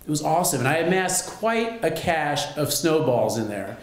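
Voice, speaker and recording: A man telling a personal story on stage at a live storytelling show, wry and lively. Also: on the high side, moderate pace, echoey room. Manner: wry, lively, self-mocking.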